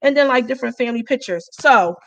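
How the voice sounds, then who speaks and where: A young woman casually hosting a livestream, chatty and spiritual, pausing with sighs as she talks. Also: on the high side, animated, fairly bright tone, poor audio. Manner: chatty, spiritual, gets emotional with sighs and pauses. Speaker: livestream host, herbal brand founder.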